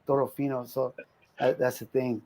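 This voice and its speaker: A man's voice: mid-range voice, little pitch movement, normal speed, crowd noise. A man chatting casually on a livestream in an easygoing, rambling way. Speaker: livestream guest. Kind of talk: casual chat on a video call.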